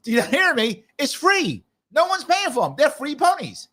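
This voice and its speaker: A man putting on a voice for an exasperated man who insists, straight-faced and loudly, that everyone gets free ponies. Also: high-pitched, big pitch swings, a little slow, husky, pitched above the performer's own voice, heavily acted. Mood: exasperated insistence.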